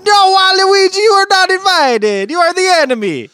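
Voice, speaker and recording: A woman's voice: very high-pitched, moderate pace, a bit bright, dry recording, clean studio sound. A woman voicing a bossy adult male plumber hero with a hammy put-on Italian accent, in an improvised podcast parody. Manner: blustering, scolding.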